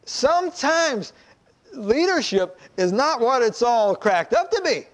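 During a sermon, a male pastor tells a story with animation, performing the voices of its characters. He speaks in a very high voice and takes his time.

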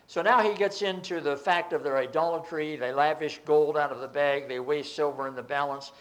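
A man's voice: a little high, moderate pace. A man preaching a Bible teaching, reading scripture aloud and explaining it with emphatic outbursts.

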